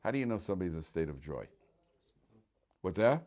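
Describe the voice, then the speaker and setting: In a deep, sing-song, slightly mellow voice, a man talks fast while leading an informal Torah lecture. Chatty and joking, he often restarts sentences and throws rhetorical questions to the room.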